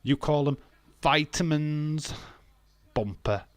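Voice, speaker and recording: A man's voice: lowish voice, a little slow, fairly bright tone, no room sound. A British man hosting a casual live watch-along, bantering and reading chat comments aloud with frequent laughs. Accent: British English. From England.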